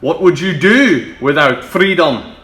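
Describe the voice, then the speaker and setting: A man's voice: a little high, animated, slow, reverberant, faint music behind. A man playing rousing rebel leader William Wallace. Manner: rousing, building to shouted peaks. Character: defiant male rebel leader rousing troops.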